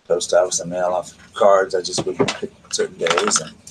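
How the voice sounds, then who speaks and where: Soft-spoken man, very deep. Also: flat delivery, noisy background. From South Carolina. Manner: quiet, slow, gentle murmur. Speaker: livestream host. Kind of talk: soft-spoken ASMR reading and chat.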